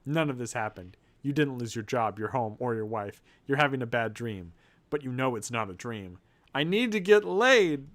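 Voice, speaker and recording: A man streaming himself reading an AI text game aloud, mostly deadpan but breaking into laughter. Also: mid-range voice, moderate pace.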